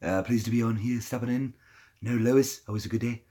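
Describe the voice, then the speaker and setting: A man's voice: mid-range voice, steady tone, fairly quick, mellow, natural voice. A man doing an impression of a haughty, scheming cartoon baby boy, speaking in a prim, clipped way.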